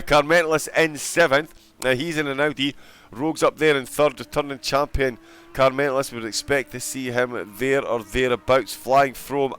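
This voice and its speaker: A man commentating on an online sim racing qualifying session, excitable and joking. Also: medium pitch, clean tone. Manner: excitable, fast-talking, joking.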